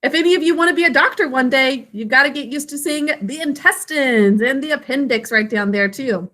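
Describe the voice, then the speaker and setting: A woman teaching a literacy lesson to young children, patient and encouraging, drawing words out slowly to sound out each syllable. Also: sits high, bright, forceful tone. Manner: encouraging, praises students by name. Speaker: elementary school teacher.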